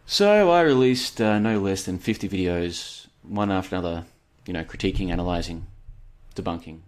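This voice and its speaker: Male solo show host, low-ish voice, loose and rambling, casual chat. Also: expressive, normal speed. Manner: rambling, chatty, digressive; reads out listener comments. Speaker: podcast host.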